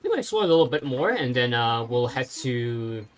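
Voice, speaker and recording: A game streamer gives casual let's-play commentary, thinking aloud and pausing often with fillers, in a mid-range, sing-song voice.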